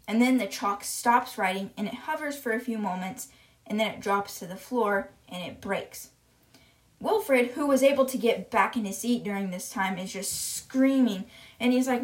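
A woman's voice: on the high side, moderate pace. A woman retelling a children's book in a casual, chatty way, often saying "like". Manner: chatty, uses "like" a lot. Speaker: podcast storyteller.

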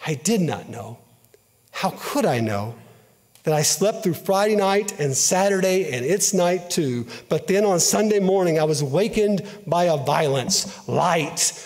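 A man giving an earnest, emotive dramatic reading of a story, in a measured way. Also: on the high side, darkish tone. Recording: long hall reverb.

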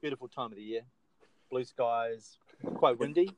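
A man's voice: medium pitch, normal speed, darkish tone, a little hiss or hum, low-quality recording. A man with an Australian accent hosting a casual podcast chat, easygoing and bantering with his co-host.

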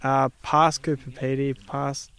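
Flat, smooth-voiced Australian man. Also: medium pitch, unhurried. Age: 30s. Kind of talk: casual chat.

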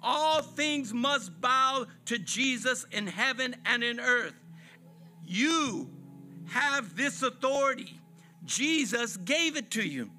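Calling out to the congregation in call-and-response phrasing, a man delivers a fervent, repetitive sermon during a church service. His voice is very high-pitched, bright, and forceful.

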